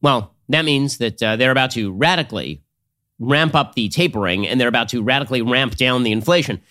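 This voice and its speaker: A man hosting a political commentary show, arguing in a rapid, sardonic way. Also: medium pitch, pushed and bright. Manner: rapid, sardonic, argumentative delivery. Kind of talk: fast political commentary and read ad.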